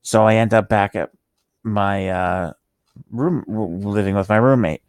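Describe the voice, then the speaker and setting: A man with slurred speech from medication tells an emotional personal story in a halting, rambling way, full of restarts and pauses. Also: lowish voice, a little mellow, clear, resonant tone, dry recording, studio quality. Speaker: vlogger telling his life story.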